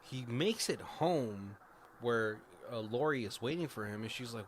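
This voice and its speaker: A man's voice: medium pitch, animated, a little slow, slight background noise. Rambling man recapping a movie. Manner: rambling retelling with swearing and laughs. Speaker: podcast co-host. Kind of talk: casual movie recap chat.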